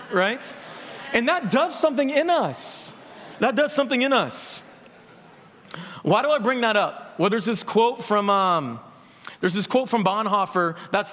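High-voiced young man preaching in a reverberant hall. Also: a bit bright. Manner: earnest, conversational preaching with audience questions. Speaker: pastor. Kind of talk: sermon.

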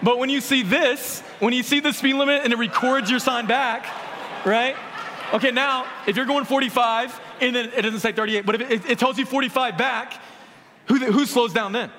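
Young male pastor, high voice, earnest chatty sermon, long hall reverb. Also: fairly even intonation, normal speed, pushed and bright, a little hiss or hum. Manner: earnest, conversational preaching with audience questions.

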